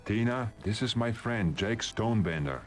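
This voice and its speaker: A man's voice: fairly low pitch, expressive, normal speed, soft background music, close to an everyday voice. An actor voicing an earnest male dog that can speak.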